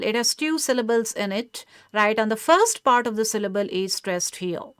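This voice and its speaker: A woman delivers a scripted pronunciation lecture in a measured, explanatory way. Her voice is smooth and crisp, recorded close with a dry sound and no room echo. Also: fairly high pitch, expressive, a bit bright.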